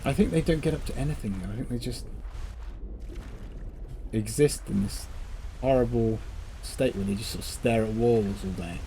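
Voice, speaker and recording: A man bantering over a game playthrough with dry, deadpan teasing. His voice is at a middling pitch, with a faint background hiss. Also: moderate pace, long pauses. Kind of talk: casual chat over gameplay.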